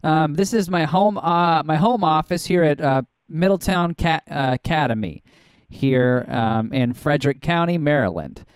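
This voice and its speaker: A man's voice: on the high side, lively intonation, normal speed, smooth, no echo, studio quality. A man on a call giving his details, hesitating with many ums. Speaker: caller.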